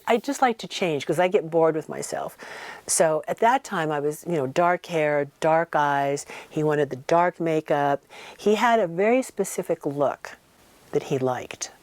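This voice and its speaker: A woman telling a personal story in a casual interview, animated and acting out the voices of people she quotes. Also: low-pitched, no echo. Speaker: guest recounting memories.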